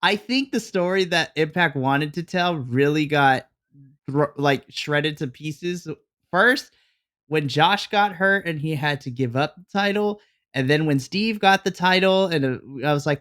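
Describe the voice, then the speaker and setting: A co-host on a podcast talks in a relaxed, chatty way. They laugh easily and recap events step by step at a mid pitch. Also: normal speed. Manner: laughs often, explains storylines step by step. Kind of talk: casual wrestling review chat.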